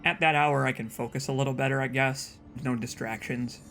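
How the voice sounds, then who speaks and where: A young man talks his way through casual let's play commentary in a mid-pitched voice, often restarting with repeated words. Faint game music plays softly behind him. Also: fairly even intonation, brisk, vocal fry. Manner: rambling, self-interrupting with repeated words.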